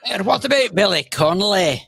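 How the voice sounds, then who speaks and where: A man's voice: high voice, animated, a little fast, vocal fry, a bit bright, husky, dry recording. A man co-hosting a radio chat show, politely reading listener emails and making playful puns. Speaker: radio co-host. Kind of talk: casual banter reading listener messages.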